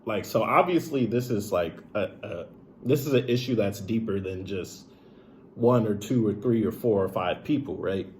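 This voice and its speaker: Man with a lowish voice, casual confessional storyteller, emotional, filler-heavy and profane. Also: moderate pace, darkish tone, slight background noise. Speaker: streamer retelling a personal story.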